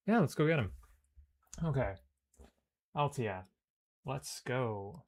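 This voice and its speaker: A man's voice: medium pitch, expressive, takes it slowly, pauses often, a little hiss or hum. Man casually narrating his gameplay. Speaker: let's play host. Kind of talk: casual gameplay commentary and reading game text aloud.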